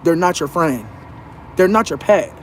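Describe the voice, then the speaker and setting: A man venting in a casual, profane monologue. He talks animatedly and mimics other people in a high voice. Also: animated, normal speed, slight background noise. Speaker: vlogger.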